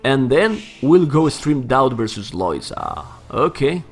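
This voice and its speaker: A young adult man with a Spanish accent, whose first language is Spanish, casting a strategy game live in excitable, animated commentary, keeps saying "man". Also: mid-range voice, slow, breathy edge, faint music behind. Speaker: game caster.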